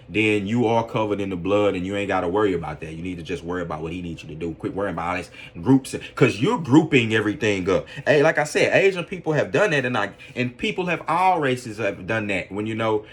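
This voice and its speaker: A man with a fairly low voice delivers a loose, rambling opinion monologue on a podcast. He leans on constant fillers and keeps asking whether the listener follows him. At times he turns earnest and preachy about faith. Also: animated, fast talker, hardly any pauses, breathy edge. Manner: earnest, preaching religious conviction. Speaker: podcast commentator.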